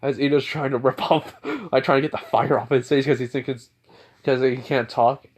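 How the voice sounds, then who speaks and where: A man's voice: mid-range voice, fairly even intonation, brisk. A man casually narrating an improvised fan story, rambling with lots of fillers. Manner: rambling, filler-heavy retelling.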